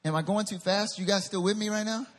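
A man from North Carolina with a Southern accent, preaching a lively sermon as pastor and speaking directly to his congregation. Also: sits high, fast.

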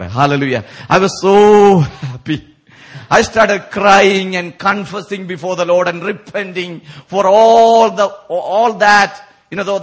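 Male preacher, high-pitched, emotional testimony sermon in church. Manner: emotional, animated storytelling with laughs and outbursts. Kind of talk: sermon at a prayer meeting.

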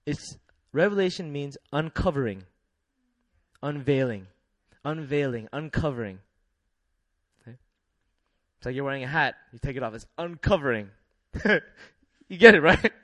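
A young man preaching a sermon in a lively, laughing way, leading the congregation in call-and-response. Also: mid-range voice, normal speed, pauses often, no echo.

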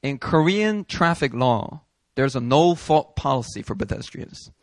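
A man preaching a sermon as a pastor, telling a story in an animated way, acting out the people he quotes and laughing as he goes. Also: medium pitch, measured pace, no room sound. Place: church hall.

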